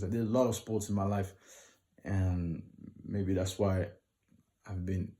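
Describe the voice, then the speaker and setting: In a relaxed, unhurried tutorial vlog, a singer shares vocal tips, speaking straight to viewers and laying out his advice in short numbered steps. His voice is a little low, mellow, and dark.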